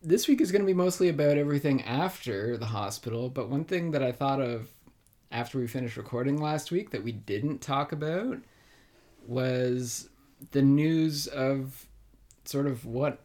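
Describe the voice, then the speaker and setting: Soft-spoken man co-hosting a podcast. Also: mid-range voice, moderate pace. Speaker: podcast co-host. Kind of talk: casual podcast conversation.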